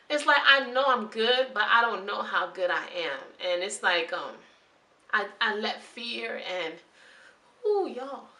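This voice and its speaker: A woman's voice: medium pitch, bright, forceful tone. Young woman vlogging about nursing, candid and chatty, kinda far from the mic in an echoey room. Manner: candid, emotional, chatty with many restarts. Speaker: new registered nurse vlogger. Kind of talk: casual talk to camera.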